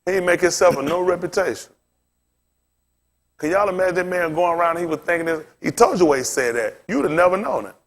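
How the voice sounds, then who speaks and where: Speaking fast and expressively in a high-sitting voice, this male pastor works through a Bible lesson in loose sermon fashion. He peppers the audience with rhetorical questions, all in casual language.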